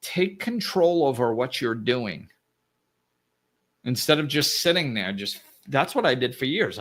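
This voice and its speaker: A man's voice: mid-range voice, lively intonation, moderate pace. A man hosting his own show, talking earnestly and reassuringly in a reflective solo talk, often restarting his sentences. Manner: earnest, gently reassuring, with frequent restarts and "you know". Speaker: podcast host.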